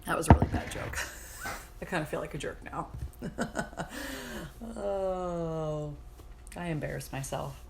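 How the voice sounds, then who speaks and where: A woman's voice: low voice, fairly even intonation, fairly quick, gravelly, slight background noise. A young woman hosting her own podcast, talking candidly and casually, swearing freely and laughing at herself, with a slight cough. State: has a cough. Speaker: podcast host. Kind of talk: casual solo podcast talk.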